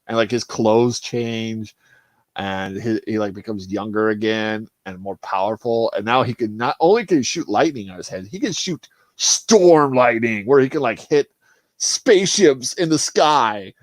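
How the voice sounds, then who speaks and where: Animated swearing man on a livestream. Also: mid-range voice, no echo. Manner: animated, swearing, laughing, acting out movie scenes. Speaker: streamer. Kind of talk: casual chat on a livestream.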